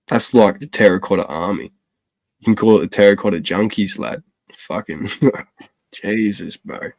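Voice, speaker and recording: A man's voice: on the low side, moderate pace, darkish tone, no room sound. A man, telling stories in a casual, sweary chat and acting out the voices of people he quotes. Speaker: podcast host.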